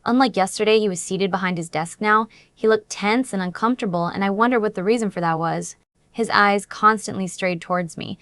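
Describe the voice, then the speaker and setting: A woman's voice: mid-range voice, fairly quick, fairly bright tone, no room sound, clean studio sound. A woman reading a first-person romance story aloud in an earnest, dramatic storytelling manner. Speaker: audiobook narrator.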